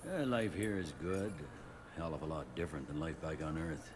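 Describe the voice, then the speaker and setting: A man's voice: very deep voice, animated, normal speed, noisy background. An actor playing a laid-back middle-aged male station security officer with a dry manner, heard as game audio. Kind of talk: video game voice acting. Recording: game audio under crowd ambience.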